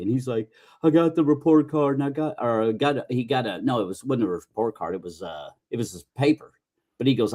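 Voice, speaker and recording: A man's voice: medium pitch, expressive, a little fast, darkish tone. A middle-aged man hosting a podcast, telling rambling, folksy stories in casual chat with restarts and mild cursing. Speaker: podcast host.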